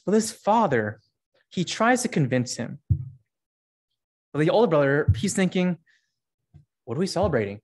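A young man giving a casual, conversational sermon, reading scripture and acting out the characters with lively jumps in pitch. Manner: conversational, many fillers, acts out characters with rising pitch. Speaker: preacher.

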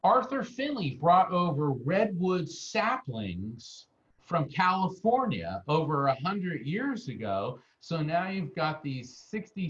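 A man's voice: sits high, muffled recording. An American man, a guest medium, telling anecdotes in an interview and acting out the people he quotes. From United States. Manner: animated anecdotal storyteller, acts out quotes. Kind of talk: interview storytelling.

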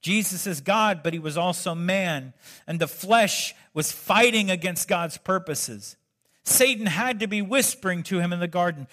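A man's voice: high-pitched, expressive, moderate pace, sharp tone. Conversational male pastor with joking asides. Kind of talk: sermon.

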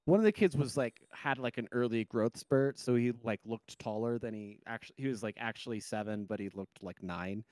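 A man's voice: medium pitch, brisk, hardly any pauses, darkish tone, no echo. Man, podcast co-host, casual rambling talk, dry close sound. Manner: rambling, many fillers and restarts. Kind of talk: casual chat.

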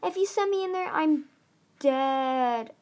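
A woman voicing a timid young male dragon who whines in slow, drawn-out pleas. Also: sits high, expressive, a little mellow, voice pushed up. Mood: whiny. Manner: whining, drawn-out pleading.

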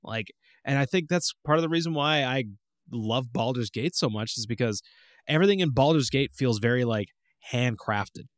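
A man's voice: medium pitch, moderate pace, dry recording, clean studio sound. A young adult man co-hosting a casual gaming podcast, ranting and acting out game moments as he talks. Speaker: podcast co-host. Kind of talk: casual chat.

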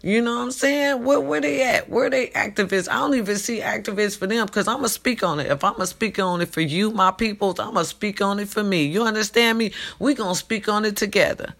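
A woman's voice: mid-range voice, brisk, gravelly, few pauses, a bit bright. A woman talking to her followers in an emphatic late-night monologue, repeating herself and calling out to them, recorded at home. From California. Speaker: vlogger.

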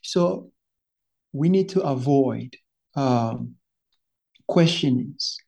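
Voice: mid-range voice, animated, drawn-out words, vocal fry, mellow, husky. A Bible study teacher giving an earnest, fervent teaching, often stopping to exclaim and repeating words as the thought forms.

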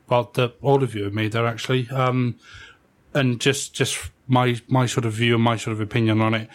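A man hosting a casual panel discussion, speaking with many fillers and restarts. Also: medium pitch. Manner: flat, hesitant, full of fillers. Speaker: podcast host.

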